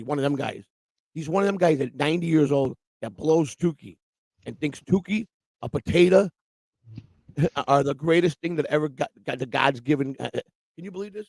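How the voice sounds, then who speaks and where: This livestream host's voice is gravelly and rough-edged, fairly high-pitched and darkish, and he talks briskly. Through his casual morning rant he rambles, curses freely and mimics people to mock them. His livestream mic yields a close, dry sound without echo or room.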